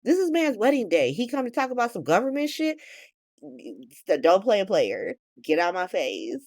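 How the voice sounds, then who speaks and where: A cackling, giddy older socialite jeering in a voice pitched way up into squeals, as a woman acts her out. The delivery swoops wildly and stays dry and close. She swears freely and savours every taunt. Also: wildly swooping pitch, normal speed, darkish tone, no echo. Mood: mocking. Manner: high, squealing, profane taunts.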